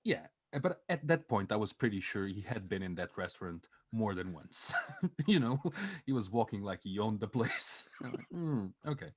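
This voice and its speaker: Expressive and fairly low-pitched, a young man's husky voice comes through a dry recording at normal speed. Co-hosting a podcast, he relates a story in a loose, funny way, cursing heavily, laughing often and performing the lines of the characters involved.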